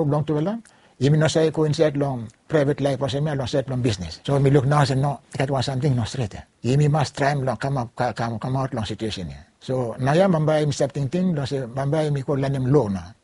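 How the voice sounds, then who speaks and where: Older man, Bislama pidgin accent, warm husky voice, halting oral-history telling. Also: on the high side, no echo. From Vanuatu. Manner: halting, repetitive phrasing with French words mixed in. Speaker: lawyer recounting his career.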